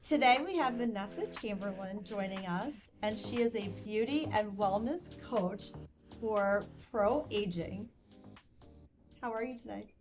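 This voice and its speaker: A woman's voice: mid-range voice, measured pace, over music. A woman hosting a talk show who asks friendly, complimentary questions. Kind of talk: interview hosting.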